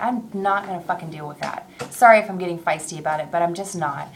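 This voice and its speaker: A woman in her thirties talking openly in a casual personal video diary, rambling a little and quick to get teary. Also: lowish voice, a little hiss or hum. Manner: chatty, candid, excitable, quick to tear up; rambling with many ums and restarts. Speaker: vlogger.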